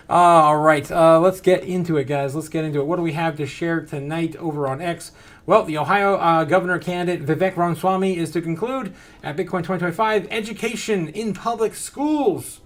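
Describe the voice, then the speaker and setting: A man hosting a casual livestream, reading chat aloud, laughing often and getting excitable. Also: on the high side, moderate pace. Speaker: host.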